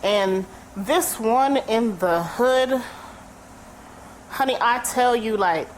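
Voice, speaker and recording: Blunt, animated woman from New York. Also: a little high, slow pace, a little hiss or hum, rough recording. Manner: blunt, animated storyteller, swears freely. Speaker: podcast co-host. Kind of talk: casual podcast discussion.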